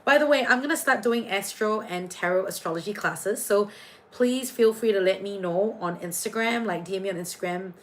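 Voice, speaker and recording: A woman's voice: medium pitch, moderate pace, fairly bright tone, poor audio. A woman hosting a casual astrology and tarot livestream, chatty and playful, jumping between viewer comments.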